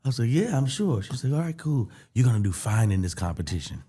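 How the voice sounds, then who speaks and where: Fast-talking man telling stories. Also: mid-range voice. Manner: animated storyteller acting out voices. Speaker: comedian guest. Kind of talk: storytelling in casual podcast chat.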